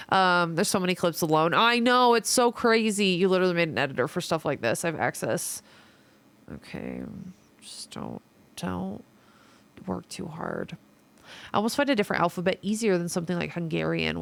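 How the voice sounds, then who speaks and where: A livestreamer with a Midwestern American accent chats casually with her viewers, reading their messages aloud and swearing now and then. Her voice is fairly low, with no room sound.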